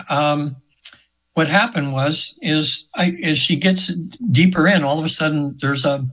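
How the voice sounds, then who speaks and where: Man, seventies, interview guest, rambling earnest storytelling, somewhat high voice. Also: fairly bright tone, slightly rough, poor audio. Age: 70s. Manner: earnest, rambling, with many restarts. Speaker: guest, hypnotherapist.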